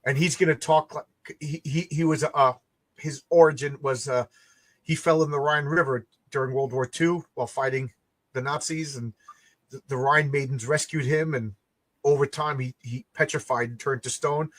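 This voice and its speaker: A man's voice: mid-range voice, fairly even intonation, moderate pace, a bit bright. A man, a comic creator who also works construction, telling a rambling story in casual chat, stumbling and restarting his sentences. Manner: rambling, frequent stammered restarts.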